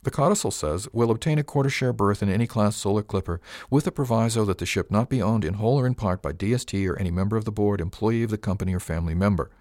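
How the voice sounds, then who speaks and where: A man's voice: lowish voice, fast, few pauses, a little mellow, no room sound, studio quality, close to an everyday voice. A man reading an audiobook, voicing an eager, polite young woman of the crew who calls her captain sir. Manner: polite, deferential, addresses with sir.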